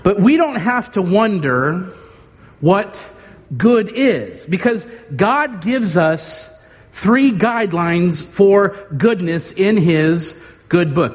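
High-voiced male preacher in a reverberant church. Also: lively intonation. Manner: measured preaching with homey humor and slow emphatic pauses. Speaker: pastor. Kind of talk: sermon. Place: church sanctuary. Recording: long hall reverb.

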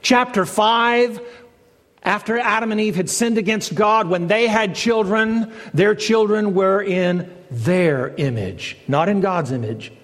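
A pastor delivers a sermon in a high, slow male voice, telling a joke in a folksy storytelling style and acting out its different voices. The recording carries the long reverb of a church hall.

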